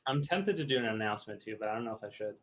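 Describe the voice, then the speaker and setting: A man's voice: lowish voice, animated, rapid-fire, a little hiss or hum. A man co-commentating a card game stream, asking questions and cracking dry jokes while complaining of the heat. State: overheated.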